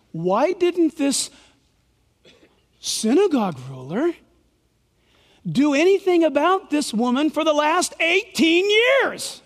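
A man preaching a sermon in a church, animated and sarcastic, with fiery outbursts. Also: very high-pitched, measured pace, long reverb tail. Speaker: pastor. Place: church sanctuary.

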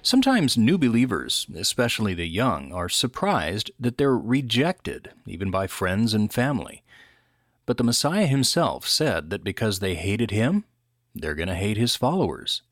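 A man announcing a radio show, reading a scripted introduction in a smooth announcer manner. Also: on the low side, sing-song, moderate pace, dry recording, clean studio sound.

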